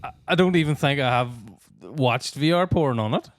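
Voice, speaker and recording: A man's voice: mid-range voice, animated, normal speed. A man in his thirties with a Northern Irish accent, a laughing podcast guest in casual banter. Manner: laughing, chatty.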